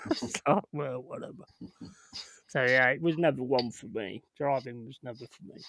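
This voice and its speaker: A young man with a gravelly, crackly edge hosts a casual stream and rambles through profane anecdotes, laughing as he goes. His voice sounds dry and close, with no room around it. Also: mid-range voice, moderate pace, fairly bright tone, no echo. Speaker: streamer hosting a football watchalong. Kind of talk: casual chat.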